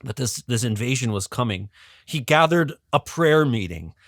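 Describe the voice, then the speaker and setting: A man in a podcast interview tells a story with animated energy, often stopping to restart a phrase or fill a pause with "um". His voice sits at a middling pitch and sounds dry and close, with no room around it. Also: no echo. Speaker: podcast guest, religious educator. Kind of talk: casual storytelling explanation.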